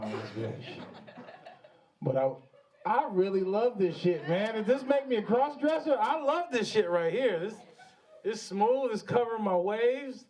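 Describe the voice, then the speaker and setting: A man's voice: extremely high pitch, far from the mic. A man hosting a live comedy show, cursing freely and teasing the audience between acts on stage. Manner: brash, swearing, teasing the crowd. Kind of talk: profane stand-up banter.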